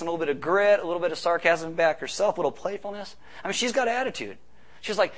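A pastor delivers a sermon in a conversational style, with a fairly high-pitched, animated voice that darts into quick asides and rhetorical questions.

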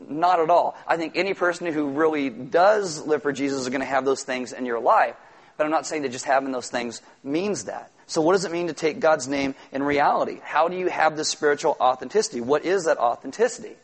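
A man with a high voice preaching a sermon. He talks in an animated way, acting out quoted lines and at times shouting for emphasis. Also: brisk, breathy edge. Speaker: pastor.

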